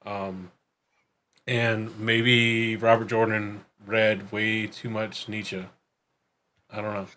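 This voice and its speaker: Bright-voiced halting podcast man. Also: on the low side, flat delivery, a little hiss or hum. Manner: rambling, halting, with many fillers and restarts. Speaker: podcast co-host. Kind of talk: casual chat.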